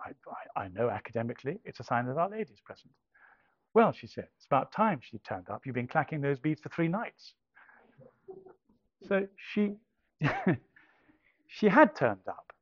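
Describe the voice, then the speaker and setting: Middle-aged man from England, anecdotal storyteller, slightly high voice, many restarts, self-mocking, dry and dull lo-fi sound. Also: dry recording. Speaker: speaker telling a conversion story.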